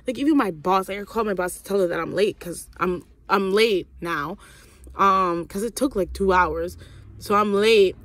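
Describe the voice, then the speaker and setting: Young woman, casual storytime vlogger: profane, animated venting, acts out the voices in her story. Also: mid-range voice, moderate pace.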